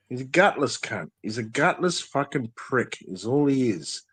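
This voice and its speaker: A man's voice: medium pitch, very animated, moderate pace, a bit bright, slightly rough, no room sound. A man, ranting angrily and profanely as a guest in a casual chat, full of threats. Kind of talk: angry rant in casual chat.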